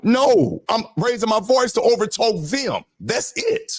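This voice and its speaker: Emphatic high-voiced man. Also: lively intonation, measured pace, creaky, no echo. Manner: emphatic, rhetorical questions. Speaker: podcast host. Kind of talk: casual panel talk.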